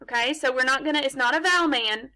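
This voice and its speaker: A woman's voice: sits high, quick pace, pushed and bright. A woman teaching a phonics lesson to young children from her laptop, patient and encouraging, posing questions and answering them herself. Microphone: laptop mic.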